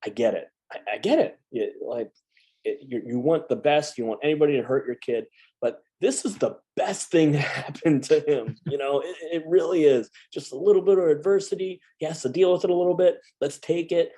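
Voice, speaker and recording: A man in his thirties talks through a personal story in loose, casual conversation. He stumbles and restarts often, yet keeps up an animated energy. His voice has a dark, mellow tone. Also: a little high, fairly quick, husky. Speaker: guest, Marine veteran. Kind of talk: casual chat.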